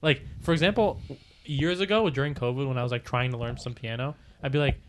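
Young male podcast co-host, fast and chatty, rambling delivery. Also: medium pitch, slight background noise. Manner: rambling, full of "like" and restarts. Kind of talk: casual chat.

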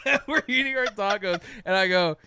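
Lively high-voiced young man laughing through stories. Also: unhurried, crowd noise. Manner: laughs often, swears freely, animated storytelling. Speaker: podcast co-host. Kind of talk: casual chat.

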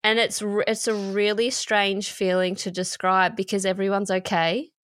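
In clean studio sound with no room tone, a woman co-hosting a podcast shares a personal story with emotion and casual swearing. Her medium-pitched voice is fairly bright, with a flat delivery at a moderate pace.

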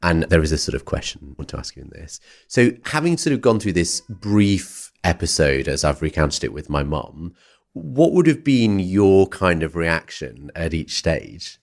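Deep-voiced man telling a story. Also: normal speed, creaky. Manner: animated, rambling anecdotes with many fillers. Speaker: podcast host. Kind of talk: conversational storytelling.

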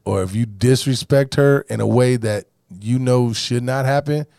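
A man in his forties hosting a podcast, chatting casually with blunt, profane talk that often drops to a low mutter. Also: normal speed, gravelly, mellow, a little hiss or hum. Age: 40s. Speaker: podcast host. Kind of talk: casual chat.

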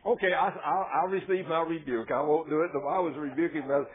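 A man's voice: fairly high pitch, fairly even intonation, brisk. A man preaching a folksy sermon, telling stories with self-mocking, chuckling asides. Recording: tinny phone-like radio sound.

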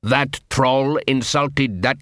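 A grudging, argumentative dwarf pushes back with sceptical questions, as a man reads him. The delivery is measured and dry, close to the mic. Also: medium pitch, a bit bright, no room sound. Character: suspicious grumbling dwarf civilian.

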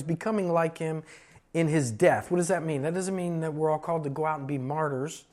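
A male pastor preaching a sermon, emphatic and slowing down to stress key phrases. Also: a little high, darkish tone.

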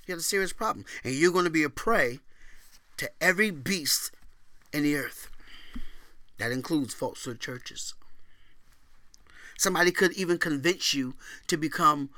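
A man preaching a sermon as pastor, booming out scripture readings and dropping to quiet conversational asides, asking for amens. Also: lively intonation, normal speed, long pauses, no room sound.

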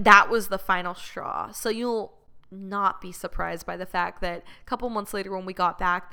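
A woman hosting a podcast talks straight to her audience, blunt and unfiltered, swearing freely. Her voice is bright and forceful, with a smooth, clear tone that carries through the rants. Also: medium pitch. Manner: blunt, profane, ranting. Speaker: podcast host. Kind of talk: candid storytelling to listeners.

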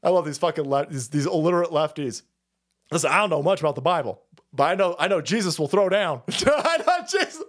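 A man hosting a political talk stream, ranting with heavy profanity, frequent laughter and sudden wild jumps in pitch. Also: big pitch swings, brisk. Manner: loud, profane, laughs often, swings pitch wildly. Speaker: political podcast host.

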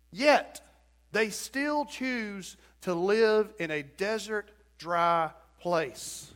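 High bright-voiced male pastor preaching. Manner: storytelling sermon with acted-out quotes and rising emphasis. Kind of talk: sermon. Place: church.

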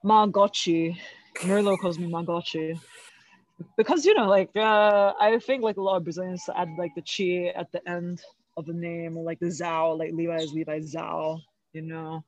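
A woman's voice: lowish voice, fairly even intonation, moderate pace, a little hiss or hum. A woman guest in a casual interview, rambling with lots of fillers and frequent laughter. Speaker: guest, jiu-jitsu athlete.

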